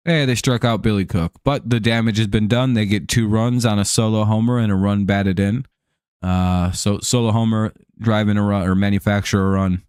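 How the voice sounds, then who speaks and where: A man's voice: lowish voice, steady tone, normal speed, a little mellow, clean tone, dry recording, studio quality. An American man hosting a live stream, chatting casually over a baseball game in a rambling, profane way with lots of fillers. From United States.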